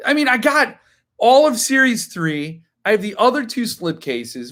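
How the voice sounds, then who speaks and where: A man's voice: sits high, sing-song, normal speed, fairly bright tone. A man in his fifties hosting a live stream, chatting casually as he answers viewers' comments and now and then flaring into indignant rants.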